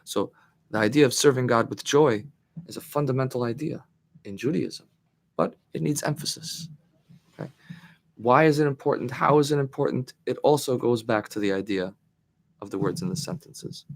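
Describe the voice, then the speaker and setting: A man's voice: medium pitch, normal speed. A man teaching a Torah class as its rabbi, thinking aloud, often restarting phrases and leaning hard on key words. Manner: thoughtful, searching for words, emphatic on key phrases; answers questions from the class.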